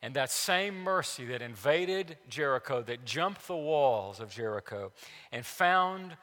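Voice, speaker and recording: Emphatic preacher with a bright voice. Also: male voice, medium pitch, animated, measured pace, in a large hall. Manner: emphatic, repeats key phrases, swings from loud to hushed. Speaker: pastor. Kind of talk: sermon. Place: church sanctuary.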